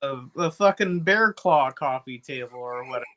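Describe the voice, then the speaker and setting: A man's voice: mid-range voice, animated, moderate pace, bright, forceful tone. A man co-hosting a podcast who banters in a joking, profane, sarcastic way. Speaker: podcast co-host. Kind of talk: casual banter.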